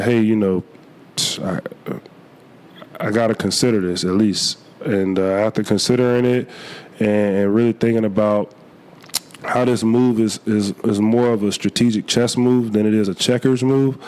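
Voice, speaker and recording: A young man, a college football player, answering interview questions earnestly, a little hoarse from a cold, with many fillers and restarts. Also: lowish voice, darkish tone. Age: young adult.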